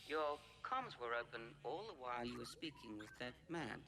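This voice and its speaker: An actor voicing a calm, polite alien creature who pilots a living ship in a sci-fi series. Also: male voice, mid-range voice, moderate pace, a little hiss or hum. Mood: measured.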